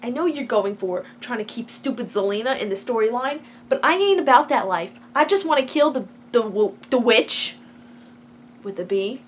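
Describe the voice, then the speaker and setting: A woman's voice: fairly high pitch, lively intonation, moderate pace, husky. A young woman vlogger chatting casually about a TV episode, filler-heavy and gushing, turning to ranting. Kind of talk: casual TV episode reaction chat.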